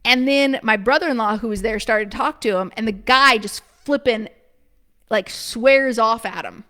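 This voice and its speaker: A woman with a bright, high voice tells a long personal story straight to her listeners. She talks in a loose, chatty rush, fills her sentences with "like," and drops into quick laughs as she acts out her own past remarks. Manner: animated, filler-heavy with frequent "like", quick laughs. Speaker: preschool business coach.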